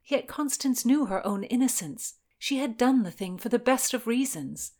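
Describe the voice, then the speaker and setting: A woman narrating a historical novel as an audiobook, measured and dramatic. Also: a little high, animated, darkish tone.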